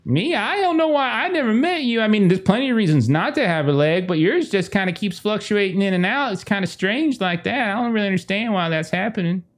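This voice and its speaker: A man's voice: high-pitched, animated, a little fast, hardly any pauses, pitched above the performer's own voice. A man voicing a slender, folksy woman in a hat with a drawling manner. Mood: puzzled.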